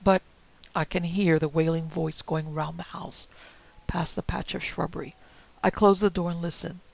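A man reading a ghost story aloud in a dramatic, hushed way that drops often into whispers. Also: fairly high pitch, little pitch movement, moderate pace, vocal fry, low-quality recording. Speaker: narrator.

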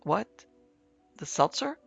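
A man voicing a calm male ghost investigator in a measured, precise way in an audiobook reading. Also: faint music behind.

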